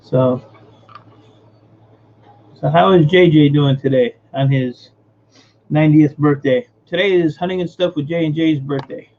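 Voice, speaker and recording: Fairly high in pitch and a little slow, this man pauses often while hosting a laid-back livestream, calling out viewers by name and mumbling as he adjusts his gear. The sound is lo-fi with a darkish tone.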